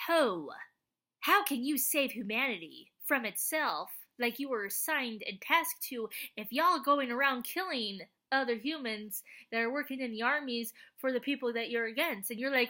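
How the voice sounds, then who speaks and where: A woman vlogger ranting casually about an anime, exasperated, swearing freely, and now and then bursting into shouts. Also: high voice, lively intonation, moderate pace. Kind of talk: casual anime review rant.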